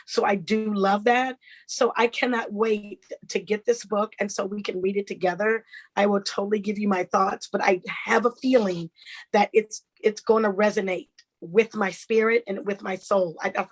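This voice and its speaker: A woman's voice: medium pitch, fairly even intonation, moderate pace, low-quality recording. A woman in her forties hosting a talk show, effusive and enthusiastic with her guest. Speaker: host. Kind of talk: radio talk show interview.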